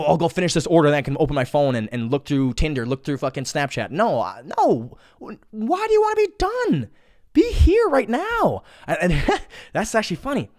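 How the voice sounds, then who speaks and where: A man's voice: on the high side, no echo, studio quality. A young man hosting a casual solo podcast, rambling with lots of swearing, repeated words and restarts. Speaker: podcast host. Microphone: studio mic.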